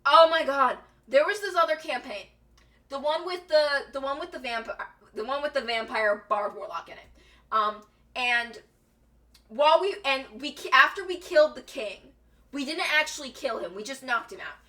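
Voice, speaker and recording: A young woman with a high, bright voice tells tabletop game stories in casual streamer chat. She is animated and giggly and acts out the quotes, heard from a mic set a little back from her. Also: moderate pace, distant mic.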